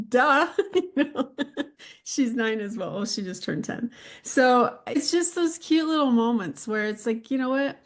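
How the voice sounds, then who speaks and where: Middle-aged woman podcast host, mid-range voice, relaxed rambling storyteller. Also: mid-range voice, normal speed. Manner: relaxed, rambling anecdotes with laughs. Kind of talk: casual chat.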